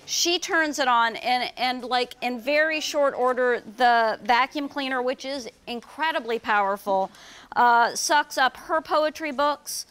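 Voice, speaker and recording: Brief: woman author, high voice, reads her kids' book aloud at a bookstore, lively and chatty. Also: a little slow, clear, resonant tone. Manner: lively, storytelling with fillers. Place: bookstore event.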